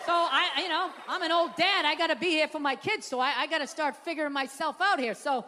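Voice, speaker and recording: A man's voice: extremely high pitch, brisk, long reverb tail, background noise. A man in his fifties telling a blunt, profane story as a guest, acting out voices along the way. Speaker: comedian guest.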